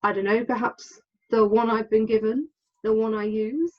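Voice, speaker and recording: A woman's voice: a little high, steady tone, normal speed, dull audio. A woman, a podcast guest telling her personal story candidly and with hesitations. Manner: candid, hesitant, acts out quoted lines.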